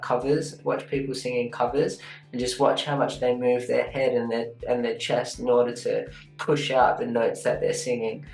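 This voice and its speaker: A man reviewing animation in a chatty, casual way, sometimes half-singing a line to show what he means. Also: medium pitch. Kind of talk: casual teaching critique. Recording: echoey room with faint guitar music.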